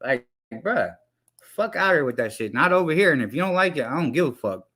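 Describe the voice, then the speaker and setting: A man's voice: fairly high pitch, big pitch swings, brisk, bright, forceful tone, husky. A man hosting a livestream, ranting with heated, profane commentary into a headset mic.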